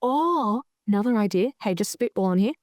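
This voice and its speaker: An Australian woman guesting on a podcast, bantering and teasing in a mid-pitched voice. The sound is dry and close-miked. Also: lively intonation, fairly quick, a little mellow, dry recording. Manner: joking, teasing. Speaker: guest wrestler.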